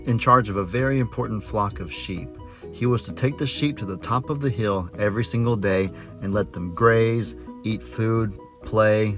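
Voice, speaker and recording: A man who is a farmer vlogger, telling a story in a chatty, folksy way with frequent self-corrections. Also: on the low side. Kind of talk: casual storytelling vlog.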